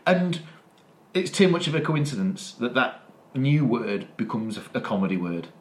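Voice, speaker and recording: A man's voice: medium pitch, very animated, normal speed. A man, chatting casually as a podcast co-host, rambling and restarting as he retells scenes. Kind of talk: casual chat.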